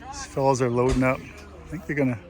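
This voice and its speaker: A man's voice: mid-range voice, flat delivery, quick pace, music in the background, a crowd in the background. A man with an Iron Range Minnesota accent, narrating a casual travel vlog in an easygoing, rambling way with frequent chuckles. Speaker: vlogger. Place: outdoors at an engine show, then in a vehicle. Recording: noisy outdoor recording with vehicle sounds.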